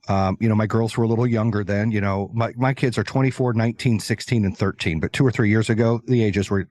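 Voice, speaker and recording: A man's voice: medium pitch, no echo. A man talking as a guest entrepreneur in a casual interview, blunt and confident, acting out the voices of the people in his stories. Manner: animated storyteller, acts out quoted voices.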